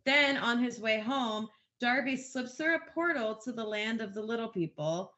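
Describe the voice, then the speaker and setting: Bright-voiced woman co-hosting a movie podcast. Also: a little high, expressive, normal speed, dull audio. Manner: reads plot summaries, chuckles mid-sentence. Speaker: podcast co-host. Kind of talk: casual movie chat.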